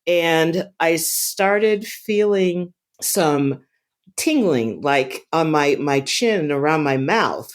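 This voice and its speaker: A woman telling a personal story in a casual, halting way, often repeating words and restarting sentences. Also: sits low, expressive. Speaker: storyteller recounting a personal experience.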